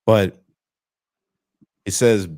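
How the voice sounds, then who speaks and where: Speaking extremely slowly in a lowish, steady, slightly mellow voice, a parolee appears as an interview guest over video. His storytelling is candid and casual, plain-spoken, with plenty of swearing.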